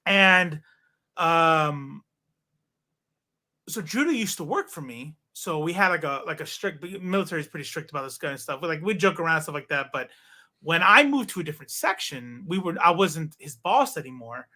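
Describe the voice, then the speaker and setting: A man in his thirties telling stories in a casual chat, animated, swearing and acting out what people said. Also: fairly high pitch, moderate pace. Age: 30s. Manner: animated, swearing, acts out quoted dialogue. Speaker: podcast guest.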